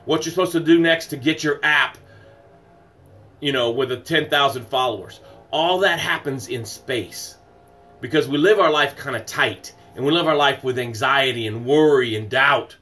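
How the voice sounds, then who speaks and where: Emphatic male motivational livestream host. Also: medium pitch. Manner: emphatic and repetitive, greeting viewers by name; swings from loud exclamations to soft breathing guidance. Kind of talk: motivational live stream talk.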